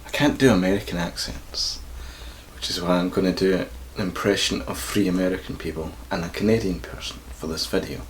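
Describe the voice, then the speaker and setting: Scottish man, croaky, deep-ish voice, swears freely, self-mocking, casual blooper takes. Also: a little fast, slight background noise. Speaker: YouTuber.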